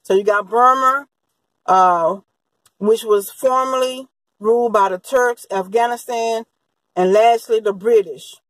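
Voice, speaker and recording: A woman's voice: fairly high pitch, measured pace, no room sound, low-quality recording. A woman giving a rambling, unscripted crime-history monologue, full of fillers and restarts. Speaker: true-crime commentator.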